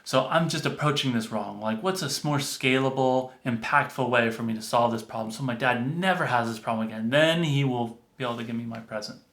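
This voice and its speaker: A determined little boy, as a man puts him on plots out loud in an earnest, quick voice. He sounds close to a grown man's ordinary talk, set in an echoey room. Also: medium pitch, lightly acted. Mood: scheming. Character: eager, determined young boy seeking approval. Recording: roomy echo.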